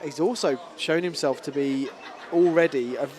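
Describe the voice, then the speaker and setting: A man's voice: fairly high pitch, moderate pace, a little mellow. A man casually commentating a fighting game tournament, chatty and playful, often laughing.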